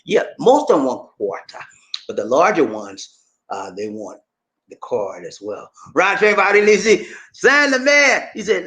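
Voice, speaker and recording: A man hosting a casual livestream, reading out viewer comments and chatting back in an animated, drawling way, often tossing in "man". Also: fairly high pitch, measured pace. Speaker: vlogger reading live chat.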